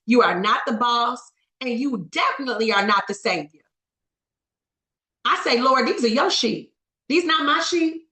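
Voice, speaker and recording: High bright motivational coach woman, echoey. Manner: preacher-like, calls on listeners by name, rhetorical questions. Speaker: network marketing coach. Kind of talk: motivational training talk.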